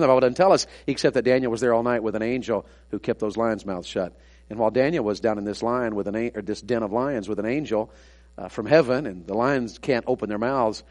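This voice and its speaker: A pastor preaches a sermon, swinging from loud, emphatic preaching to hushed, confiding storytelling. His voice is medium-pitched.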